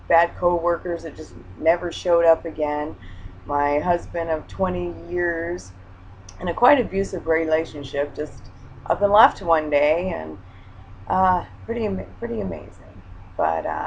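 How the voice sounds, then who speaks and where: A woman's voice: fairly low pitch, gravelly, highs cut off, slight background noise. A woman from Hawaii talking straight to camera as a life coach, telling personal stories earnestly and often restarting her sentences. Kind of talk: casual direct-to-camera advice talk.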